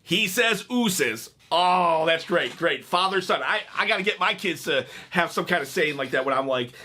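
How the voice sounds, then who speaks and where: A man with a high, bright, forceful voice talks through a clip in a loose, chatty way. He cracks jokes and laughs at his own stories as he reacts. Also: animated, normal speed. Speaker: wrestling reaction video host. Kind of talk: casual reaction commentary.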